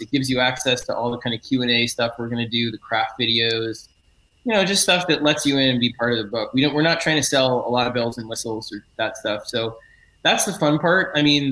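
A man's voice: medium pitch, sharp tone, rough recording. A middle-aged man, a comic book writer, explaining his work in a casual interview, earnest and eager, often correcting himself mid-sentence.

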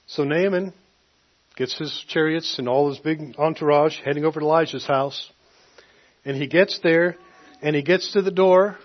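A man preaching a sermon, retelling a scripture story casually and acting out the quotes. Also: a little high. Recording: dull lo-fi recording.

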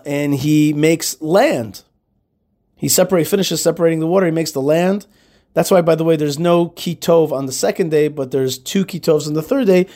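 Chatty male host teaching scripture. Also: a little high. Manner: animated, conversational, frequent fillers and restarts. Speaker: radio show host.

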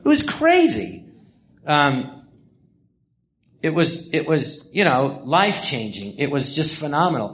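An older man hosting a live podcast, telling rambling memoir anecdotes with restarts and acted-out quotes. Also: mid-range voice. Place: podcast theatre before a live audience.

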